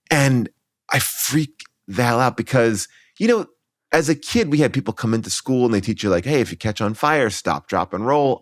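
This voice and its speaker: A man in his forties, appearing as a podcast guest, tells a funny childhood story with lots of fillers and restarts, acting out his own lines. His mid-range voice has a fairly bright tone, captured in a dry, studio-quality recording.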